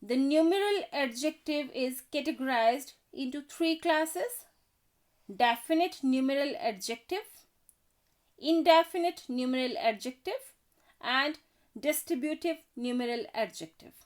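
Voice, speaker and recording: A woman teaching an English grammar lesson, reading out example sentences in a careful, deliberate way. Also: high-pitched, expressive. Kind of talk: slow scripted grammar lesson.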